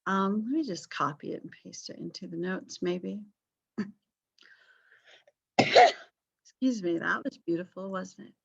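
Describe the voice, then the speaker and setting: A woman's voice: fairly low pitch, a little slow, vocal fry, pauses often, slightly rough, lo-fi sound. A woman instructor giving a chatty, self-deprecating recorded online lecture with frequent ums. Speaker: college history instructor.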